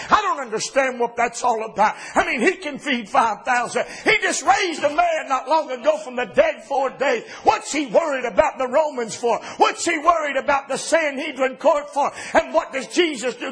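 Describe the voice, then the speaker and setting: A man preaching a sermon in an impassioned style, often rising to shouts and dropping low for quoted words. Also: moderate pace, few pauses.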